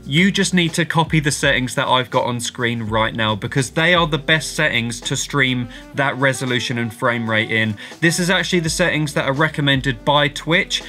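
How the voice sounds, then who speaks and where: Bright, upbeat tutorial host, man. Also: a little high. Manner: upbeat and chatty, with slangy asides. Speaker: music streaming tutorial host. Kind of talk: casual tutorial vlog.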